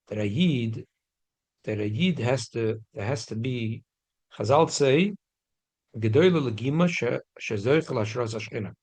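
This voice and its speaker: A man's voice: lowish voice, darkish tone, low-quality recording. A man teaching a religious class in a casual storytelling way, chatty, with many restarts and Hebrew and Yiddish terms mixed in.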